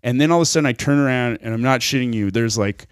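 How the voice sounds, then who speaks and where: Man, podcast co-host, rambling, profane, casual storytelling, mid pitch, dry close sound. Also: fast talker, smooth, dry recording. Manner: rambling, swears a lot, laughs mid-story.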